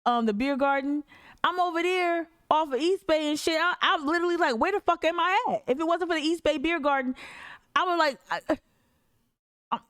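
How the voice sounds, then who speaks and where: A woman's voice: sits high, a little fast, a bit bright. A woman hosting an activist podcast, reading articles aloud and breaking off into profane, fired-up rants. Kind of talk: casual livestream commentary.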